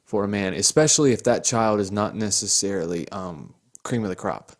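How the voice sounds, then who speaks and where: A man's voice: on the low side, brisk. A young man co-hosting a casual true crime podcast, chiming in often with agreement and blunt opinions. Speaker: podcast co-host.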